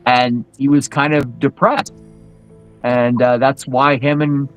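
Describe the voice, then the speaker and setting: A man chatting casually on a live show as a guest in Krampus costume, telling animated stories with many restarts. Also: medium pitch, slow, faint music behind, rough recording. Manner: animated, acts out quoted voices, many restarts.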